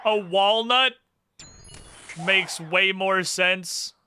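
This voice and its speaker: A man with a high, very bright voice chats casually while streaming a game. He is sardonic and mutters under his breath between rants, and a faint hiss sits behind him. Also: extremely slow. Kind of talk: casual live-stream chat while gaming.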